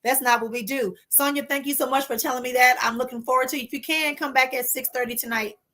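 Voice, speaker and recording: A woman chats casually with her livestream viewers in a bright, slightly high voice. She reassures them warmly, calling them "my love" and "honey", and stretches out her soothing words. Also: fairly even intonation. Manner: drawn-out soothing repetitions. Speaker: spiritual livestream host.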